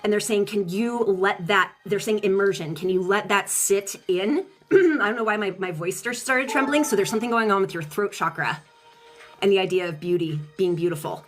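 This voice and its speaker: Fast-talking woman channeling on a live stream. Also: medium pitch, fairly bright tone, soft background music. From Colorado. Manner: fast, chatty, swears casually, greets chat. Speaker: tarot reader and channeler. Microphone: streaming setup.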